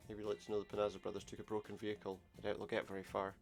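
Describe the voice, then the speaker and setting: Male gamer, deep and a bit gravelly, wry casual commentary over soft game music. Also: monotone, rapid-fire. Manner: wry, sarcastic asides. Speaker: let's play gamer. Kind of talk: casual game commentary, reading game dialogue aloud.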